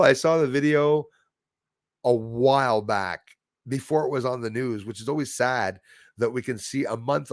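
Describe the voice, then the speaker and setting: A man chats casually on a livestream, reading viewers' comments and wandering off into indignant asides. His voice is gravelly and sits in a middling pitch. The sound is dry and close, with no room echo. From Canada. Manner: rambling, indignant, reads viewer comments aloud. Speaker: livestream host reading chat. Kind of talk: casual chat.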